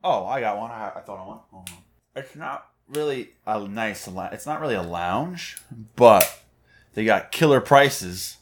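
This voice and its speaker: Joking, lively low-voiced man. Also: a little slow. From New York. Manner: jokey, playful banter. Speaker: podcast co-host. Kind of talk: casual chat.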